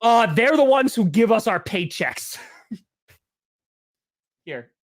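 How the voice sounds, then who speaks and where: Male co-host, loose banter, laughs a lot, pitch jumps around. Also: sing-song, slow pace. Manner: laughs often, trails off and restarts. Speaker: podcast co-host. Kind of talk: casual sports podcast banter.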